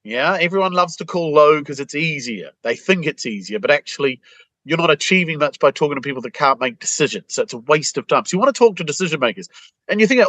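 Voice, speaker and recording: A man's voice: fairly high pitch, animated, fairly quick, fairly bright tone, no room sound, rough recording. A man with a British accent, a sales trainer answering interview questions in a blunt, punchy way, acting out both sides of phone calls.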